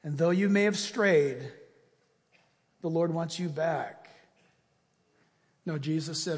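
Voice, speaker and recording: A male pastor delivering a sermon and then a fervent, loud closing prayer. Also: a little high, takes it slowly, pauses often, long reverb tail.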